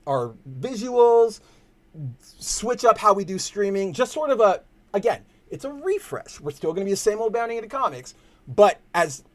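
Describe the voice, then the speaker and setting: A young man with a Californian accent, hosting a casual livestream and rambling to his chat in slangy, loose talk. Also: high voice. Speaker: stream host.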